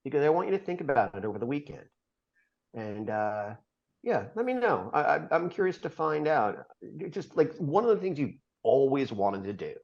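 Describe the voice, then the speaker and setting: A man's voice: fairly high pitch, sing-song, creaky, a little mellow. Lo-fi middle-aged man telling a story. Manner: earnest, halting storyteller with many fillers. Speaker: podcast guest. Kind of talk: storytelling interview. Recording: dull lo-fi podcast audio.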